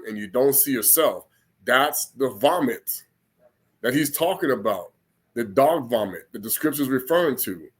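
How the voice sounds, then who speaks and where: A man preaches in a loose, conversational way, his voice sitting a little high for a man. He rambles, restarts his sentences and repeats words as he goes. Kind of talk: informal spoken sermon.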